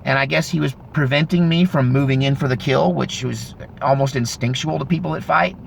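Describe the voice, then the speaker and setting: A man in his fifties telling a story casually, in a rambling, animated way with frequent self-corrections. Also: medium pitch, fairly quick, gravelly, slight background noise. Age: 50s. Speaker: vlogger.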